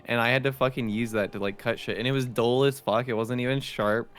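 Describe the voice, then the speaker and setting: A man's voice: medium pitch, fairly even intonation, a little fast, clear, resonant tone. A young man in casual chat, laid-back and swearing heavily as he complains about an old job, calling his friend dude.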